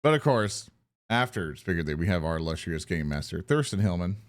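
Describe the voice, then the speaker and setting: A man's voice: low voice, very animated, fairly quick. A man introducing a tabletop game stream in a playful, stumbling way. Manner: playful, stumbling over words. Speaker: player and opening host. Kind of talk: casual chat.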